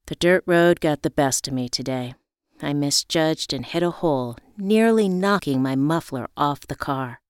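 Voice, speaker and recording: A woman narrating a first-person story in a reflective, measured way. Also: deep voice, clean tone, dry recording, clean studio sound.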